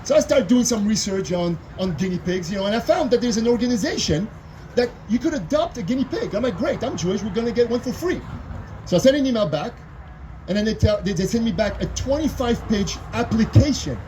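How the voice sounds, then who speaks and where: A man's voice: high-pitched, expressive, brisk, warm tone, slight background noise, rough recording. A middle-aged man with a French accent performing a stand-up comedy set on a club stage, chatty and always tagging his lines with "you know?".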